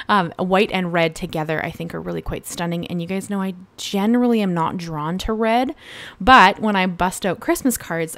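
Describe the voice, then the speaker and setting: A woman's voice: lowish voice, no echo. Woman, craft tutorial voice-over, chatty and rambling, dry close sound. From Canada. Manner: chatty, rambling, with fillers and self-corrections. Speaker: card-making tutorial host.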